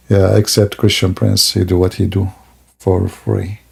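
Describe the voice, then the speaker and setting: Gravelly, husky man mocking on a livestream. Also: sits low, level tone, takes it slowly, darkish tone. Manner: mocking, laughing, theatrical asides. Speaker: streamer. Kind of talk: sarcastic livestream monologue.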